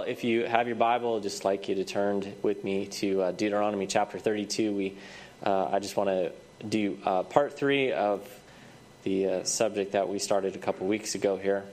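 A man with a somewhat low voice preaches a church sermon, his head audibly congested. He punctuates almost every phrase with amen and often restarts his sentences before pressing on. He speaks into a microphone in the sanctuary. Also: slight background noise.

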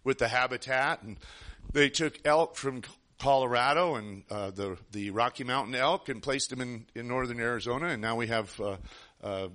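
A man preaches to his congregation while telling a long personal story, with a bright, forceful tone. He speaks earnestly and rambles, often restarting his sentences. His pitch sits in an ordinary middle range. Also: moderate pace. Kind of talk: sermon storytelling.

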